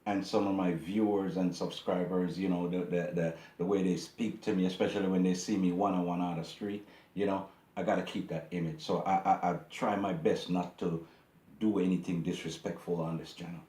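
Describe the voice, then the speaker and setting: A man's voice: low-pitched, flat delivery, a little fast, dark tone, reverberant. A man hosting his own channel, talking straight to his viewers in a casual, indignant monologue that repeats itself. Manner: indignant, preachy, repeats himself. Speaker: YouTube channel host.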